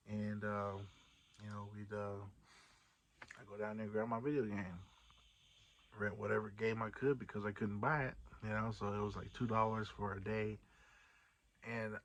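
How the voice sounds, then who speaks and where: A man's voice: on the low side, a bit bright, a little hiss or hum, low-quality recording. A man casually telling a personal story on his vlog, rambling with lots of fillers and restarts. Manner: candid, swears casually. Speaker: vlog host.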